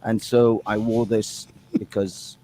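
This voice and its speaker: A man's voice: lowish voice, flat delivery, takes it slowly, mellow, a little hiss or hum. A man appearing as a guest on a live show, mock-earnest and provocative in his trolling banter.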